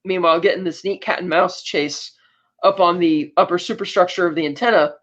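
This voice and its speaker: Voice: medium pitch, steady tone, fairly quick, a bit bright. A podcast co-host casually recapping a film, retelling scenes with loose asides and acted bits of dialogue. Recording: dull lo-fi audio.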